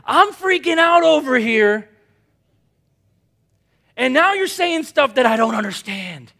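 A man's voice: high-pitched, animated, moderate pace, a bit bright, pitched above the performer's own voice. A man voicing an anxious, confused male disciple who pleads bluntly for answers. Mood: exasperated.

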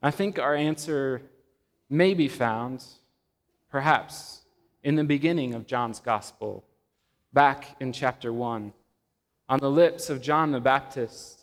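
Slow-preaching man in a reverberant hall. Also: mid-range voice. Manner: slow, measured delivery with dramatic pauses and rising emphasis. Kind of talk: sermon. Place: church sanctuary. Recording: long reverb of a church hall.

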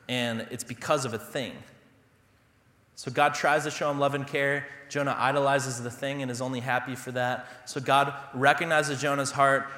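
A man's voice: mid-range voice, bright, forceful tone, echoey room, long reverb tail. A young adult man, a pastor, preaching a sermon in a conversational way, with self-deprecating humor and personal stories. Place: church sanctuary.

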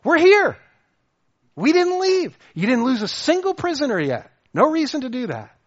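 A preacher voicing an urgent ancient apostle. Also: male voice, fairly high pitch, very animated, slow, creaky, slightly rough, exaggerated voice. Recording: dull lo-fi sound.

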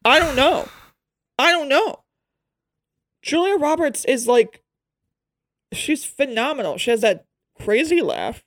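A woman co-hosting a podcast in casual chat, talking in digressive runs full of quick asides. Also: high voice, animated, dry recording. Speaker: podcast co-host.

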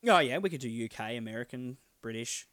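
An Australian man co-hosting a podcast in casual, jokey banter, laughing often and firing back quick comebacks. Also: medium pitch, expressive, a bit bright, dry recording, clean studio sound. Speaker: podcast co-host.

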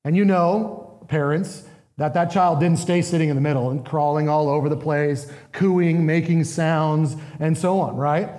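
A man's voice: a little high, warm tone, long reverb tail. A man preaching a sermon as pastor, earnest and emphatic, asking his listeners questions.

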